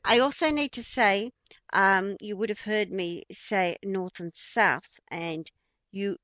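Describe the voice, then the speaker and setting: A woman with an Australian accent teaches at an unhurried, deliberate pace, often pausing with ums and starting her sentences over. Her voice sits at a middling pitch, and the recording is close and dry, with no room sound. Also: a bit bright, no room sound. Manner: unhurried, explanatory, frequent ums and restarts. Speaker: feng shui teacher. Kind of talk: informal spoken lesson.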